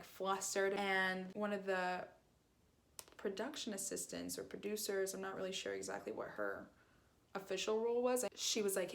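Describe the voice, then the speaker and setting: A young woman telling a casual storytime, rambling with lots of fillers and acting out quoted lines. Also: medium pitch. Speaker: vlogger.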